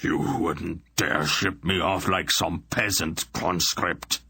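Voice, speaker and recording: A man doing a blustering pompous high priest. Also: slow pace, gravelly, pushed and bright, husky, dry recording, studio quality, exaggerated voice. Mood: indignant. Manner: haughty, indignant bluster.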